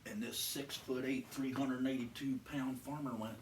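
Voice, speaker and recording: A man doing stand-up, telling a story slowly and with animation. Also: medium pitch, steady tone, reverberant, distant mic, slight background noise. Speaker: stand-up comedian.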